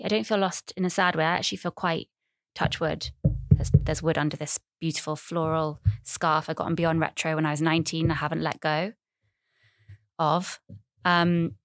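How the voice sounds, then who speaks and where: A woman in her thirties hosts a casual solo podcast, talking in a rambling, chatty, self-deprecating way and repeating phrases. Her voice sits low and is a bit bright, captured in a dry, studio-quality recording.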